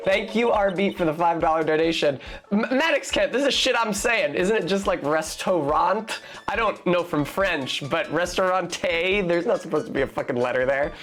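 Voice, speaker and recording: A woman's voice: on the low side, lively intonation, normal speed. A woman streamer casually commenting on a game, wry and joking, swearing now and then. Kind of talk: let's play commentary. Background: faint game music.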